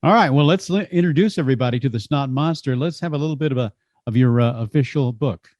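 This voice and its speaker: A man hosting an interview in a relaxed, casual way, with plenty of fillers and short agreeing remarks. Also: mid-range voice, fast. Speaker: radio interview host. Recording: dull, dry, lo-fi sound.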